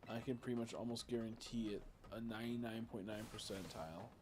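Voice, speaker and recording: A man's voice: on the low side, fast, noisy background. A young man streaming a game, tired and swearing as he chats to viewers. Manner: tired, swearing, talks to chat. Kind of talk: casual gaming commentary. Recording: game music behind.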